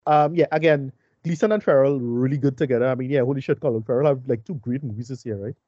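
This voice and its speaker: A man co-hosting a film review podcast, talking in halting runs with many restarts. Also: mid-range voice, mellow, no room sound, dull audio. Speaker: podcast co-host. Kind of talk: casual film review chat.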